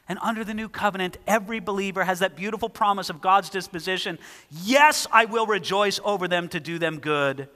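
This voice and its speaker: A man preaching with a high, bright voice that carries a long hall reverb. He reads scripture aloud with lively emphasis and presses each point home. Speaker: pastor. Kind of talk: sermon.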